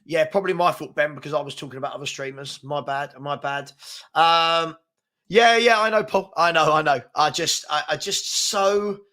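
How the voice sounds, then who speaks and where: A man's voice: fairly high pitch, moderate pace, bright, forceful tone. A man hosting a casual live-stream chat, frustrated and rambling, reading out viewer comments as he talks. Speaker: host.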